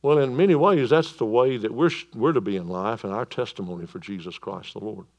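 Loud preacher man. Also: on the low side, brisk. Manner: emphatic, swinging between loud proclamation and quiet calm. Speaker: pastor. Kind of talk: sermon.

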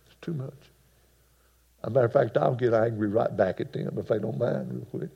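A man preaching a sermon, folksy and emphatic, moving between hushed passages and loud bursts. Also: medium pitch, steady tone, fast talker, vocal fry, slightly rough. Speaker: pastor. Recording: dull lo-fi sound.

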